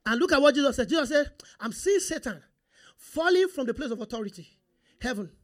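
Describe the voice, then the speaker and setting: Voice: high-pitched, fairly quick. A pastor preaching a sermon, repeating phrases and calling on the congregation to respond. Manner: animated, repetitive call-and-response preaching.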